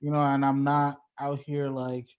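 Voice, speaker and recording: A young man, a guest musician, talking in a relaxed, loose podcast chat and leaning on "like" and "you know". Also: medium pitch, measured pace, clean tone, highs cut off. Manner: laid-back, heavy on "like" and "you know".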